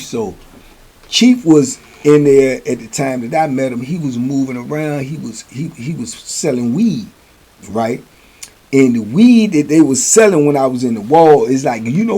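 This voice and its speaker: A man with a husky, slightly rough voice tells a story in a loose, conversational way. He keeps checking in with the listener as he goes, and his pitch sits in the middle. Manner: conversational, keeps asking "you know what I'm saying". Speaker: host. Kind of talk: casual storytelling.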